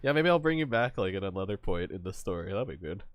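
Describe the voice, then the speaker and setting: A man hosting a stream, talking in a loose, rambling way with plenty of laughter. His pitch swings widely as he talks. The sound is dry and close. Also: fast, no room sound. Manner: animated, laughs often, rambling with restarts. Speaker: streamer host. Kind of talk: casual chat.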